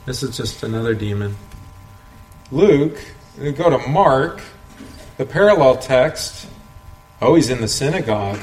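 Man at mid pitch leading a casual Bible study, chuckles often, recorded in a roomy space. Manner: conversational, asks rhetorical questions, chuckles often. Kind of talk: informal Bible study teaching. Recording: roomy echo, faint background noise.

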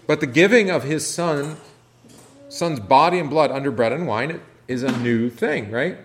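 Teaching Bible study in a chatty way, this pastor poses questions to the group and frequently restarts his sentences. His voice is a little high and fairly bright, at a moderate pace, over slight background noise.

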